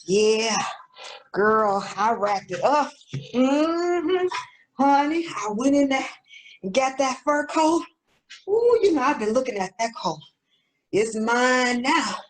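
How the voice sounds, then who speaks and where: A woman voicing a sassy young woman looter in a comedic skit, boastful and slangy with drawn-out exclamations. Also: high-pitched, expressive, voice pushed up, poor audio.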